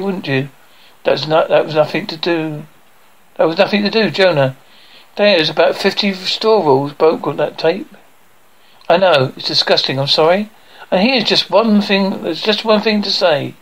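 In a rough recording, a man reads a sitcom script by himself, voicing every role in one voice and speaking the stage directions aloud between lines. His pitch is slightly raised and fairly bright, with a gravelly, creaking edge.

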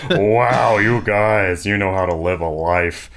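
A man playing a soft-spoken lonely old landlord. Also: deep voice, takes it slowly, vocal fry, a loud crowd, full character voice. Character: lonely older male landlord with foot warts. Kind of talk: improv comedy scene.

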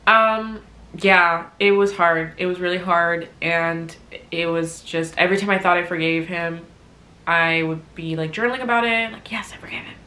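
A young woman vlogs from home, bright and forceful in tone though she sounds teary. She shifts between soft, reflective talk and loud bursts of self-mockery, and the room around her rings with echo. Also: on the low side, steady tone, normal speed. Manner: emotional, open, swings from quiet reflection to loud self-mocking. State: teary, recovering from crying. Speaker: vlogger. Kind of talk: candid personal vlog. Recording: echoey room.

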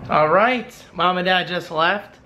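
A man's voice: sits high, unhurried, bright, forceful tone. Upbeat young man vlogging casually. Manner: upbeat, chatty, rambling. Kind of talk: casual vlog narration.

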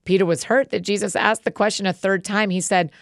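A woman host reading scripture aloud in a steady, measured way. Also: medium pitch, dry recording, studio quality.

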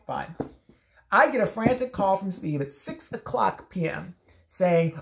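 A fast-talking woman tells a rambling story with a lively, swooping voice. She swears freely and acts out both sides of the phone calls she describes. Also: fairly low pitch, gravelly, reverberant. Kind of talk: casual storytelling monologue.

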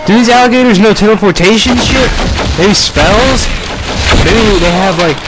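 Give me a young man in character commenting on gameplay, sarcastic and profane, a bit high-voiced. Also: moderate pace. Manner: profane, sarcastic, excitable outbursts. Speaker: gamer playing a paranoid character. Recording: game gunfire noise behind voice.

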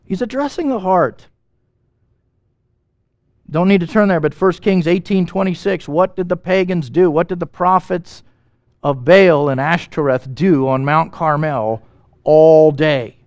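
A man preaching a sermon as pastor, animated and emphatic, asking the congregation questions and making quick asides. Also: fairly high pitch, dry recording.

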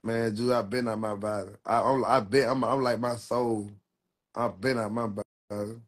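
A man's voice: fairly low pitch, steady tone, moderate pace. A man in his twenties talking casually on a livestream, rambling and repeating himself in heavy street slang. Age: 20s. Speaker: rapper.

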